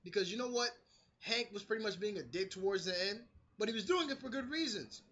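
Casual New male reviewer, high and bright, excitable and profane. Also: a little fast, lo-fi sound. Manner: animated, swears freely, acts out quotes. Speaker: TV episode reviewer. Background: street construction noise.

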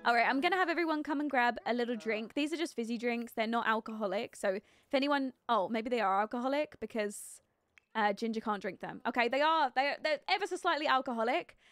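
Playing a life-sim game on a live stream, this high-voiced woman giggles and chats, thinking aloud with plenty of fillers and greeting viewers in chat. Her casual commentary is brisk and a bit bright, and there's no echo.

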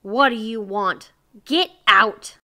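A woman's voice: fairly high pitch, lively intonation, measured pace, fairly bright tone. A woman voicing a grumpy, tearful old hermit man who talks in a whiny, trembling way. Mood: wailing.

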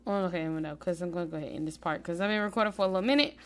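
A woman's voice: lowish voice, very fast. Chatty woman narrating her game. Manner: chatty, talks straight to viewers, swings from murmuring to excited squeals. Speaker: gaming channel host. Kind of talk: casual let's-play commentary.

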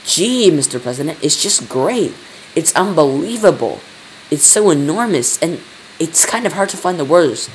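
A man's voice: on the high side, fairly quick, slight background noise, close to an everyday voice, rough recording. A man voicing an eager, gushing male astronaut reporting in a storybook reading.

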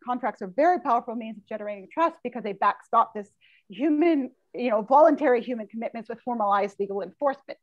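A woman on a business school panel, talking about legal questions in an emphatic, animated way. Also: on the high side, no echo. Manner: emphatic, animated, laughs often. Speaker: law professor panelist. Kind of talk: panel discussion. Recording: dull lo-fi video call audio.

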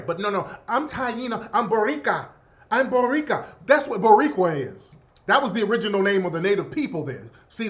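Mocking man ranting, high lively voice. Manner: mocking, sarcastic, profane rant. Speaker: radio show host. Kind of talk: commentary on a played clip.

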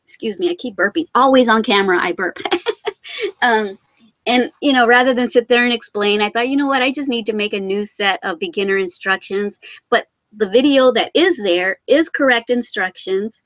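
A middle-aged woman, a crafts host, chats to her live-stream viewers from home in a loose, rambling way, laughing often. Her voice sits a little high. The sound is close and dry, with no room around it. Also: moderate pace, a bit bright, dry recording. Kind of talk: casual live-stream chat.

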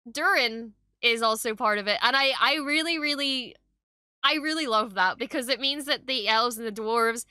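A young woman reacting to a show in excited, gushing casual chat, swearing often. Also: a little high, clean tone, no room sound, studio quality. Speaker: reaction streamer.

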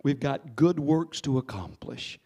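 A pastor in his sixties preaching a sermon, telling a story with sudden swings between hushed and loud delivery and calling on the congregation to respond. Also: medium pitch, lively intonation, unhurried, husky. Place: church sanctuary.

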